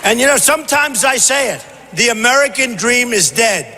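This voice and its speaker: A man giving a campaign rally speech in a large convention hall, punchy and repetitive, often shouting. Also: very high voice, expressive, normal speed, some chatter behind. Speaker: presidential candidate. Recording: long hall reverb, faint noise.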